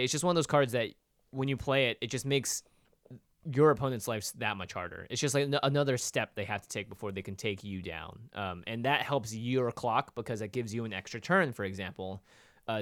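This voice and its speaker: A man's voice: on the low side, quick pace, fairly bright tone, no echo, studio quality. A man co-hosting a casual card-game podcast, chatty and loose, with lots of fillers. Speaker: co-host.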